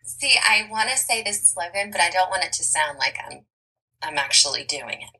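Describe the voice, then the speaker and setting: Husky, bright-toned woman travel blogger. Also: lowish voice, lively intonation, moderate pace, rough recording. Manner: cheerful, chatty, laughs often. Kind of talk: casual interview chat.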